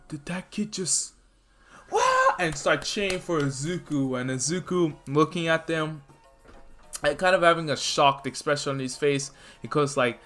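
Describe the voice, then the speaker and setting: Man, casual fan storyteller, rambling, filler words, slightly high voice, faint background music. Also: a bit bright. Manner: rambling, full of "you know" fillers.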